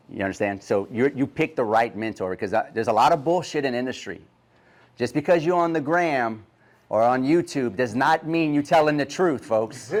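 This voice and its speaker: A man with a deep Southern accent giving a brash, profane seminar talk, throwing rhetorical questions at a live audience. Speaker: guest speaker. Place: conference room with live audience.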